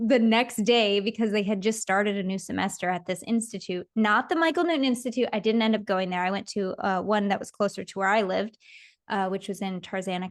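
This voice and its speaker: A woman in her thirties, a podcast guest, telling her story in a casual interview, laughing often and acting out her own inner voices. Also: medium pitch. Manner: laughs often while talking.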